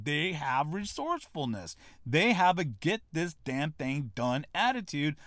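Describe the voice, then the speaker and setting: A man's voice: fairly high pitch, sing-song, moderate pace, few pauses, a bit bright, no echo, clean studio sound. A man giving a blunt motivational talk, brash and profane, mocking people and hammering his points. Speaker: motivational speaker.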